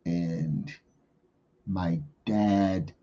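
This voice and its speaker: A man playing a tabletop game, answering slowly and hesitantly. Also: deep voice, fairly even intonation, warm tone. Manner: slow, hesitant, with laughs. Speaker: player. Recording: dull lo-fi sound.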